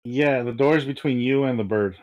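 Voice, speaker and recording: Male game master, matter-of-fact, mid-pitched voice, calls the action plainly. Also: moderate pace, a little mellow, dull audio. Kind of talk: narrating a tabletop game.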